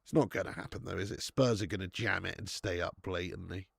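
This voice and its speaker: Hosting a live football watch-along, a Dorset man with a local accent chats casually with viewers, reading chat, calling them lad and mate, swearing freely and laughing often. His low, gravelly voice is fast with few pauses and a breathy edge, recorded in studio quality with no room sound.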